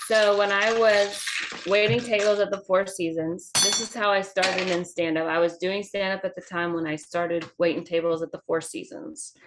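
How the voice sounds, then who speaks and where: A woman's voice: lowish voice, fairly even intonation, noisy background. A woman from Georgia with a Southern accent, a comedian telling a chatty, profane story over drinks. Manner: chatty, profane, quick anecdotes. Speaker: comedian guest.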